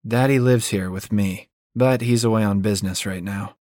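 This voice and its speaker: A man's voice: on the low side, fairly even intonation, normal speed, a little mellow, no echo, clean studio sound, close to an everyday voice. A male audiobook narrator voicing a sheepish young married woman who mumbles apologetically.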